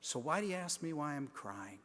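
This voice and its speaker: A man preaching a sermon, moving from hushed, almost whispered lines to loud emphatic declarations. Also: on the high side, big pitch swings, brisk. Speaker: pastor. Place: large church sanctuary. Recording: long echo of a large church sanctuary.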